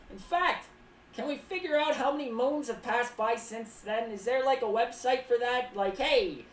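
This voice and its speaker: Her slightly high voice is heard from a distance as she streams in clown character, chatting in a casual ramble, reading viewer messages aloud, and adding playful asides. She often refers to herself in the third person, and the audio is roomy and off-mic with faint noise in the background.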